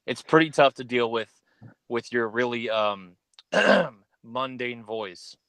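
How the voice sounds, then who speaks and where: A man's voice: mid-range voice, expressive, takes it slowly, fairly bright tone, no echo. A man hosting a casual stream chat, joking and rambling as he introduces his guests. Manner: joking, rambling, swears freely. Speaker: host.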